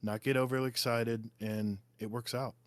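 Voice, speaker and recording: Male guest, mid-pitched, eager and excitable; dry close mic. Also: normal speed, dry recording. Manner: excitable, emotional, enthusiastic. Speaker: guest podcaster. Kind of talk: casual gaming podcast chat.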